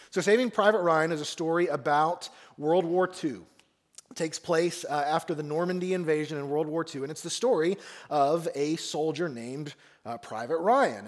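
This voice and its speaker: A man preaching a sermon as pastor, telling a film story in an earnest way and dropping often to quiet, near-whispered lines. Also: on the high side.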